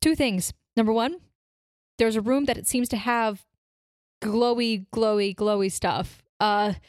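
A woman's voice: a little high, unhurried, darkish tone, smooth, dry recording, clean studio sound. A woman playing a tabletop game, taking charge and laying out plans point by point. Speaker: player.

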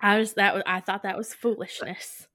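A woman co-hosting a casual movie recap, animated and acting out characters' lines. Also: medium pitch, moderate pace, no echo, studio quality. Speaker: podcast co-host.

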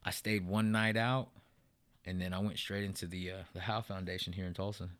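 A man's voice: deep voice, fairly even intonation, a little fast, a bit bright, no room sound. A man in a casual interview, telling his own story in a profane, rambling way, full of "man" and "bro".

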